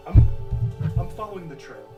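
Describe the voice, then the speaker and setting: Higher-voiced male tabletop player. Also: normal speed, phone-quality sound. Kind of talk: casual chat at a game table. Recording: music behind.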